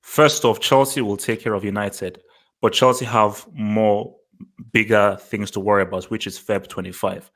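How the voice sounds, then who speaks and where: A man from Nigeria co-hosting a football podcast, playful and teasing, repeating words in quick bursts. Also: on the low side, steady tone, a bit bright. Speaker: podcast co-host. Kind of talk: casual chat.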